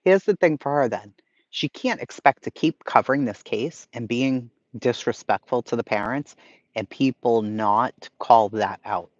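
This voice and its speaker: A man's voice: mid-range voice, unhurried, dry recording. Blunt, profane Boston man ranting. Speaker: livestream host reading chat. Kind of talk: casual chat. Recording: slightly lo-fi stream audio.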